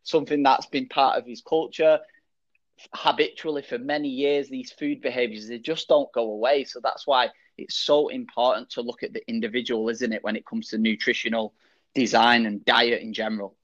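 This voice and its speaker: A man hosting a podcast interview, relaxed and swearing casually. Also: medium pitch, moderate pace. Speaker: podcast host. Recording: dull lo-fi sound.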